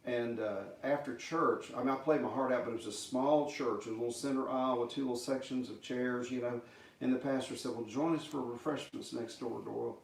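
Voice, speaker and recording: A man's voice: medium pitch, steady tone, gravelly. Folksy man in an echoey room. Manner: folksy, halting storyteller with many fillers. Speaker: guitarist telling a story. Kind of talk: casual storytelling livestream. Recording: echoey, distant room sound.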